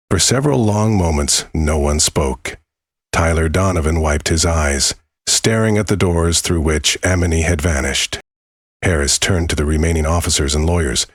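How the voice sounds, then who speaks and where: A man narrating a dramatic story in a very deep, husky voice. His delivery is measured and solemn. The sound is close and completely dry. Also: dry recording.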